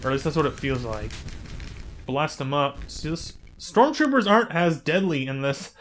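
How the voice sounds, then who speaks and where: A man hosting a gaming channel, chatting casually and rambling through gameplay commentary with sudden excited exclamations. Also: fairly high pitch, normal speed, slight background noise.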